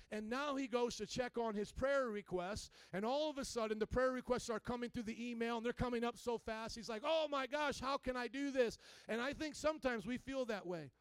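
A man with a high, light voice preaching a sermon in a relaxed, chatty way. He keeps turning to the congregation with questions and informal asides. The sound is close and dry, with almost no room echo. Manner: conversational, asks the congregation questions; casual informal phrasing. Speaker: pastor. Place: church.

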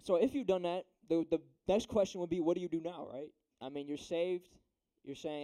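A young man preaches to a room of teens in an easy, slangy way, keeping up a steady stream of "right?" and "dude." His voice sits high but sounds mellow and warm. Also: normal speed. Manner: slangy, chatty, asks "right?" often. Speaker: youth preacher. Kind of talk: casual youth sermon.

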